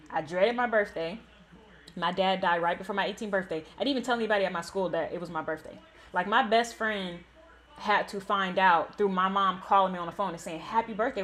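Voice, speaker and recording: A woman's voice: medium pitch, a little hiss or hum. Candid young woman telling a personal story. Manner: candid and emotional, many "like" fillers. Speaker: Sims gaming channel host. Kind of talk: personal story told while gaming.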